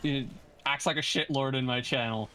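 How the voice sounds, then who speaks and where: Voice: medium pitch, a little fast, pushed and bright. A co-streamer in casual chat during a game stream, teasing a friend and laughing often.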